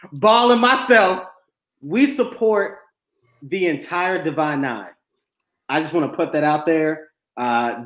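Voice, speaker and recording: A school leader in their thirties co-hosts a casual podcast, talking bluntly with a joking edge. Their voice sits at a middle pitch and carries audible room echo. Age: 30s. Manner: blunt and joking, with repeated short phrases. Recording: echoey room.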